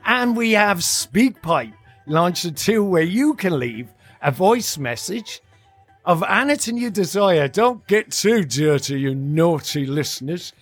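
A man hosting a podcast in a playful, jokey, upbeat way, with a scripted intro and preview. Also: high-pitched. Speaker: podcast host.

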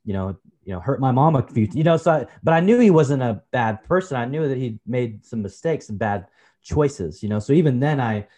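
A man in his forties, a podcast guest, telling personal stories in a relaxed, chatty way, often saying "you know" and calling the host brother. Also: medium pitch, a little fast. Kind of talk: personal storytelling in a conversation.

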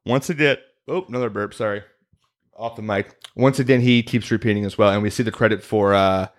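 A man's voice: on the low side, fairly even intonation, fairly quick. A man co-hosting a podcast, chatting casually about a TV show, rambling and laughing often. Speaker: podcast co-host. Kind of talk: casual chat recapping a TV show.

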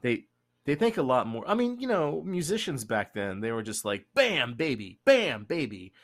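A young man hosting a casual podcast chat, rambling and joking with quick asides. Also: medium pitch, big pitch swings. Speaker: podcast host.

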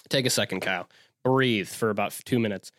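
A young man from Wisconsin, a show host, telling a story in an excitable, rambling, profane way with frequent restarts. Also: fairly low pitch. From Wisconsin, US Midwest. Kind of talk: casual storytelling monologue.

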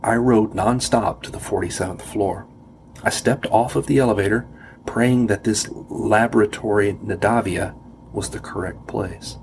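A man narrating a first-person story, steady and wry. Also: lowish voice, moderate pace, a little hiss or hum. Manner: wry, self-deprecating. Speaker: audiobook narrator.

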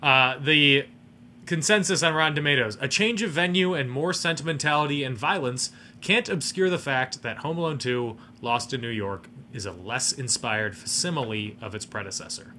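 A man's voice: mid-range voice, moderate pace, sharp tone, a little hiss or hum. A man co-hosting a podcast, chatting casually about a movie in an analytical, sardonic way. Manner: analytical, hedging, sardonic asides. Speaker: podcast co-host. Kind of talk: casual movie review chat.

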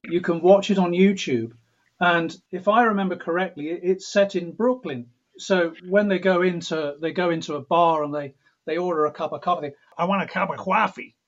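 In dull lo-fi sound, an English composer of middle age gives thoughtful interview answers with a high, steady voice at normal speed. He tends to restart sentences and occasionally puts on accents for fun.

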